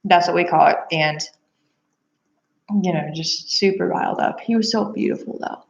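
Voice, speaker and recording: A young woman tells a rambling personal story in a slightly low voice, laughing often and filling gaps with "like" and "you know". The recording is dull and lo-fi. It sounds like an echoey room. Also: normal speed, vocal fry. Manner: animated, laughs often, many fillers. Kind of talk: casual storytelling.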